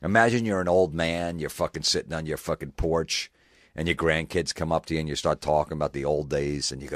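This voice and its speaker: A man's voice: rumbling low, fairly even intonation, a little fast, no echo, clean studio sound. A male comedian ranting sarcastically, mocking and swearing. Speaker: comedian host. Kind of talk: comedic rant.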